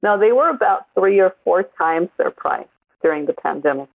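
Gravelly-voiced woman chatting on a tinny line. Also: lowish voice, normal speed, dry recording. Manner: chatty, animated storytelling. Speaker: podcast co-host. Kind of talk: casual chat.

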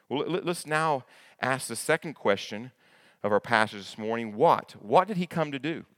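A man's voice: mid-range voice, animated, normal speed. A male pastor preaching a sermon in a conversational way, repeating his words as he goes and asking the congregation questions. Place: church sanctuary. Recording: long hall reverb.

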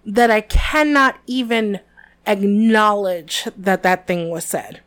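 A woman co-hosting a podcast, chatting casually in an animated, emphatic way and leaning on exaggeration. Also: medium pitch, takes it slowly. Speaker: podcast co-host. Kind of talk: casual chat between readings.

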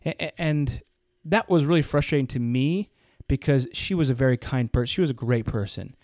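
Brief: young male podcast co-host, mellow and dry, rambling storyteller. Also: mid-range voice, brisk, dry recording. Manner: rambling, acts out quoted people in anecdotes. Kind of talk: casual podcast conversation.

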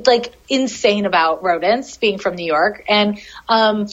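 A podcast guest who works as an animal communicator speaks a little slowly in a mid-range voice. She wanders through a story in casual talk, laughing frequently and swearing openly, and the recording sounds dull and lo-fi.

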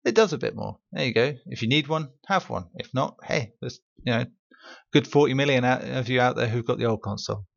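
A man's voice: mid-range voice, a little fast, creaky, a bit bright, dull audio. A man co-hosting a gaming podcast, giving blunt, opinionated takes in casual chat. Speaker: podcast co-host.

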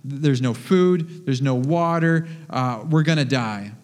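A man's voice: medium pitch, slow pace, natural voice. A man voicing a frantic shipwrecked man who insists they are going to die, with an urgent, insistent delivery in a long hall reverb. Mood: panicky.

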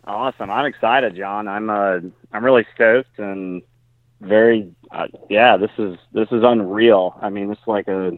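A man talking on the phone, excited and laughing in a casual chat. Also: fairly low pitch, moderate pace, no room sound. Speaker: phone caller. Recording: tinny dry phone line.

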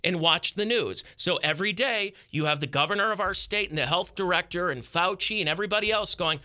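A man's voice: high voice, expressive, brisk, hardly any pauses, sharp tone. A man in his thirties, a podcast guest, ranting angrily and sarcastically in casual chat.

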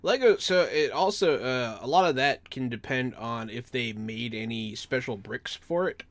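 A man's voice: mid-range voice, normal speed, fairly bright tone, no echo. A man co-hosting a casual chat, chiming in with short jokes. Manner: brief joking interjections. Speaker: podcast co-host.

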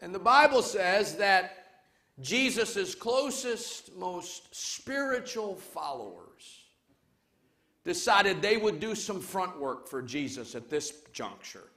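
Bright high-voiced pastor preaching slowly. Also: male voice, big pitch swings. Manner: emphatic, swings from loud calls to quiet urging. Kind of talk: sermon. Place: church service before a congregation.

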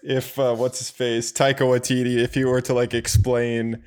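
A man's voice: medium pitch, little pitch movement, a little mellow, smooth. A young man commenting casually on a movie, often restarting and trailing off as he thinks. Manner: halting, repeats words and trails off. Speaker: film commentary co-host.

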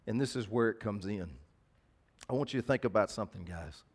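A man's voice: on the low side, fairly quick. Folksy preacher man. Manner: folksy, talks to congregation directly. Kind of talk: sermon.

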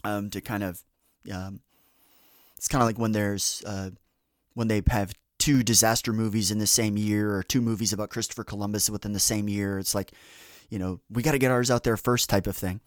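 A man's voice: fairly low pitch, level tone, normal speed, dry recording, studio quality. A man hosting a podcast in casual chat, rambling through tangents with lots of fillers and restarts. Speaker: podcast host.

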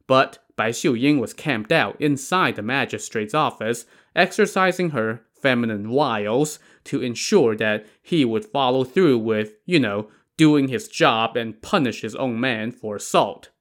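A man telling an old story in a relaxed, casual way. He drops in wry, sarcastic asides and keeps his voice at a middling pitch. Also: a little slow, few pauses. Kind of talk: casual narration of a classic tale.

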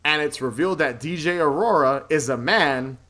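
A man's voice: on the high side, moderate pace, pushed and bright. A man casually recapping a movie plot in a podcast chat, rambling, swearing freely and laughing often. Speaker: podcast co-host.

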